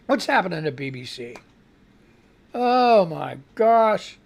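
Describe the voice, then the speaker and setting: A man with a high, sing-song, gravelly voice runs a live radio news show, speaking slowly with frequent pauses. He reads headlines off the screen but keeps drifting into rambling commentary and exasperated outbursts, sounding like he's fighting back a cough.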